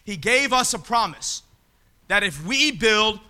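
A high-pitched, piercingly bright man preaching. He reads scripture and then drives his points home, swelling into emphatic shouts. The delivery is that of a fiery sermon. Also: animated, a little slow, clean tone.

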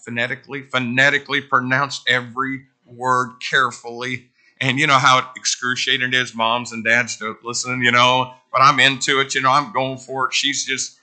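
Forceful, bright-voiced middle-aged preacher. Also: male voice, medium pitch. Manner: conversational, animated storytelling with asides to the congregation. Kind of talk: sermon.

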